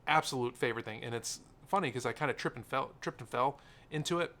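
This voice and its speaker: A man's voice: medium pitch, quick pace, a bit bright. A young man talking unscripted to the camera in a sit-down vlog, rambling and earnest, with lots of fillers and sidetracks. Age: young adult. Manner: earnest and openly emotional. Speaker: tech YouTuber. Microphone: camera mic, seated talking to camera.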